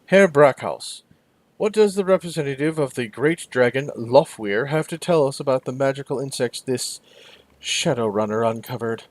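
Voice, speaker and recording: A man voicing a stern, wealthy older father in a video game, speaking low and clipped. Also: lively intonation, normal speed, dry recording, close to an everyday voice. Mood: formal.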